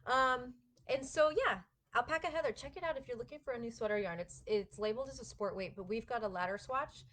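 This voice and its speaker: A woman's voice: a little high, brisk, a bit bright. A woman hosting a live knitting chat, talking casually and enthusiastically with viewers and laughing often. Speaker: knitting shop host.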